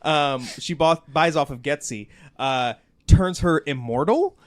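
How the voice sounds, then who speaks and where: A man's voice: fairly high pitch, a little slow, clear, resonant tone. A man hosting a podcast in casual chat, rambling with lots of fillers. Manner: rambling, lots of "like" and "you know". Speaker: podcast host.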